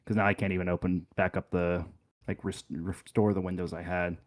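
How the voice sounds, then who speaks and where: A man's voice: deep voice, level tone, a little fast. A man on a livestream, flustered as he talks through his internet problems. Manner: flustered, talking through tech trouble. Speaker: tabletop player. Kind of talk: casual livestream chat.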